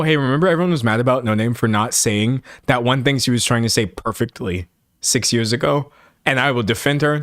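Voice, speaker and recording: An animated young man doing casual reaction commentary, emphatic and quick in bursts. His voice sits a little high for a man. The sound is dry and close, with no room around it. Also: dry recording. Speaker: podcaster reacting to clips.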